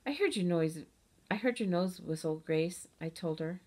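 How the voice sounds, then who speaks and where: A woman's voice: lowish voice, normal speed. A woman reading as a chatty, boastful kindergarten girl. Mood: bragging. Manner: lively, childlike storybook storytelling with playful grammar. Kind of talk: audiobook reading.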